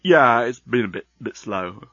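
A man's voice: mid-range voice, expressive, a little slow, a bit bright, no room sound, muffled recording. A man voicing a shifty, nervous male builder who stammers out excuses. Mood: evasive.

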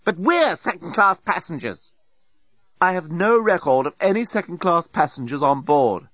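A man's voice: on the high side, animated, normal speed, fairly bright tone, no echo, voice pushed up. A man playing a snotty deskbot. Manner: condescending, clipped. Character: snotty insolent deskbot robot, male. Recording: dull lo-fi dry recording.

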